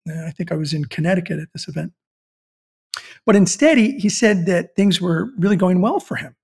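Gravelly older man telling a story. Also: high voice, animated, fairly quick, darkish tone. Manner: anecdotal, repeats words while searching for them. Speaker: podcast host and business founder. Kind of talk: storytelling podcast talk.

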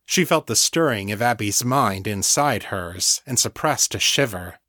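A man narrating his own novel as an audiobook in a measured, steady way. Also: lowish voice, no echo, clean studio sound.

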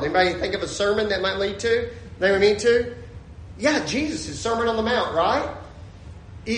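Preacher guy, high-ish voice, jumps from shouting jokes to quiet lines, echoey church room. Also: slight background noise. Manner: animated, humorous storytelling with sudden shouts and soft low asides. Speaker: pastor. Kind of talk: sermon. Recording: echoey room with faint ambience.

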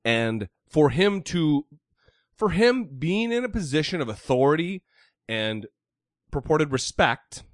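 A man's voice: a little high, no echo, clean studio sound. A man co-hosting a casual podcast, blunt and opinionated, swearing freely and firing off heated rhetorical questions. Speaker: podcast co-host.

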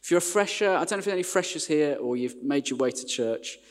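A man in his forties from the West Midlands, a vicar chatting warmly and self-deprecatingly as he opens a sermon. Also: fairly high pitch, animated, fast talker. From West Midlands, England. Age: 40s. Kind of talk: sermon introduction. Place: large church hall. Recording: church hall reverb.

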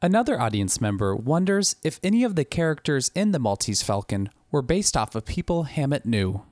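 A man's voice: medium pitch, big pitch swings, brisk, a little mellow, no room sound, studio quality. A man moderating a session, reading audience questions aloud.

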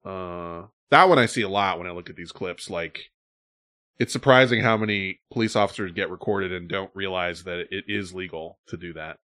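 A man's voice: deep voice, moderate pace. A male podcast host telling stories in casual chat and acting out quotes with animation. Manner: animated storytelling, acts out quotes.

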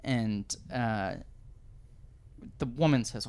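Male podcast guest, 30s, animated and digressive raconteur, average pitch. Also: brisk, a little hiss or hum. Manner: animated, digressive storyteller, does voices. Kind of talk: casual chat, storytelling.

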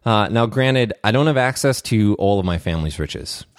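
A man's voice: lowish voice, animated, moderate pace, no room sound, studio quality. A man hosting his own podcast, talking in a candid, confessional solo monologue with frequent "uh" fillers. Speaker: podcast host.

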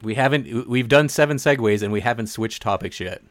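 A man's voice: mid-range voice, a little fast, dry recording, studio quality. A man on a casual gaming podcast, laid-back and trailing off with fillers.

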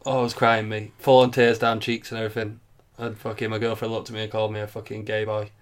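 A man, co-hosting a podcast and chatting casually, swearing often as he tells animated stories. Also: fairly low pitch, fast, clean tone. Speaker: podcast co-host. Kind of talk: casual chat.

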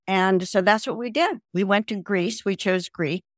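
Older female interview guest on a video call, lively storyteller who mimics voices, dry close sound. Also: medium pitch, moderate pace, dry recording. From American South. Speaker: guest, language program founder.

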